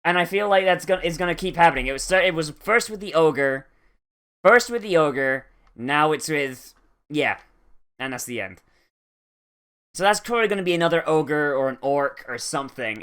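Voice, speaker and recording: An anime reviewer talks through an episode in loose, profane, rambling commentary. The delivery is animated and full of asides. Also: mid-range voice, moderate pace, clean tone. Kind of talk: casual reaction commentary.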